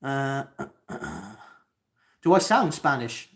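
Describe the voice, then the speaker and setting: A man's voice: medium pitch, very animated, very slow, a bit bright. A young man with a Cardiff accent, from Wales, hosting a live Q&A and reading out chat comments, talking hesitantly with lots of ums and restarts. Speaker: livestream host.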